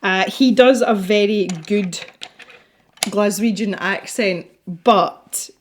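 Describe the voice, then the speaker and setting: A woman's voice: mid-range voice, slow, a little hiss or hum. A Scottish woman hosting a colouring video, chatting casually and rambling while she works, often laughing. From Scotland. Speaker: colouring channel host.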